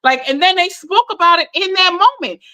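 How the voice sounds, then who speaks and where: Woman, bright voice, animated casual recap chat, slangy. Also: extremely high pitch, brisk. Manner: animated, emphatic, informal slang. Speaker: podcast co-host.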